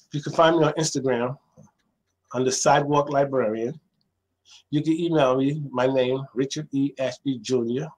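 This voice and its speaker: A middle-aged man, a librarian guest, telling stories in a lively conversational way and acting out the voices of people he quotes. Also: poor audio. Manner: acts out quoted voices, jumping much higher. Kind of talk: animated storytelling in conversation.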